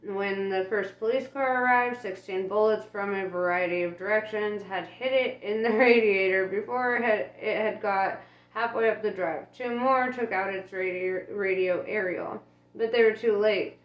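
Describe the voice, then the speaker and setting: Casual woman narrator, chatty, mid-pitched, roomy and dull home recording. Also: normal speed. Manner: chatty, laughs at her own slips. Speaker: audiobook reader.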